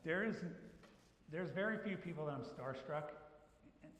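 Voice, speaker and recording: A man's voice: fairly high pitch, animated, normal speed, a bit bright. A man, a photographer, telling casual anecdotes to a club audience, acting out the dialogue as he goes. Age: adult who was a child in the 1980s. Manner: chatty and anecdotal, acts out quoted dialogue. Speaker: photographer giving a club presentation. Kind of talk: casual storytelling talk. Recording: echoey hall recording from a room mic.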